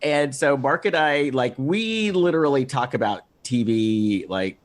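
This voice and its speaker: A man's voice: medium pitch, lively intonation, measured pace. A man hosting a podcast, chatting casually and enthusiastically, laughing often and repeating himself. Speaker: podcast host. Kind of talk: casual chat.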